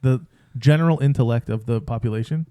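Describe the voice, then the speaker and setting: A man on a podcast, chatting loosely in a mid-pitched voice. He hedges and rambles, circling his point with plenty of "like" and "I think", and the sound is dry and close to the mic. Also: a little fast, warm tone, clear, resonant tone, dry recording. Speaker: podcast co-host. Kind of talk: casual chat.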